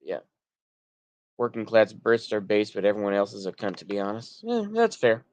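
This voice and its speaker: Reacting to his chat, this American streamer with a Texan accent seems somewhat tipsy, restarting loosely and letting sentences drift. He speaks at a moderate pace in a lowish, flat voice, recorded with no room sound.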